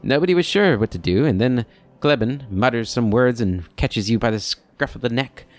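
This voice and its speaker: A man's voice: medium pitch, expressive, moderate pace, lightly acted. A man voicing a rambling, nostalgic old male keeper who chatters in a folksy, reminiscing way. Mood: chuckling.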